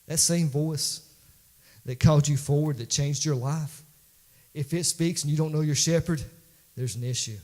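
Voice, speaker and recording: A man's voice: a little high, fairly even intonation, normal speed, darkish tone. Folksy man preaching a sermon. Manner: folksy, conversational preaching with rising emphatic peaks. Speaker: pastor. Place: church.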